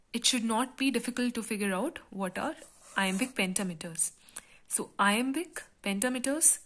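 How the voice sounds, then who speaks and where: A woman teaching a literature class, explaining step by step in a patient lecture style with frequent pauses and fillers. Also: on the high side, fairly bright tone.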